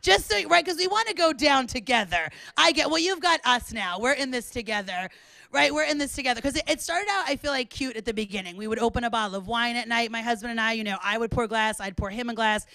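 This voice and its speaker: A woman in her thirties hosting a live club show, loud and excitable, often laughing and chatting with the crowd. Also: on the high side, fast, creaky, no echo. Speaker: comedian host. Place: small club, indoors.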